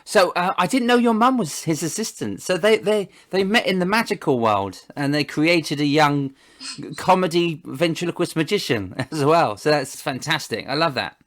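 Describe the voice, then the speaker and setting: A man's voice: fairly high pitch, animated, moderate pace, fairly bright tone. A man hosting a casual interview over a video call, rambling and often restarting his words. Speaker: host.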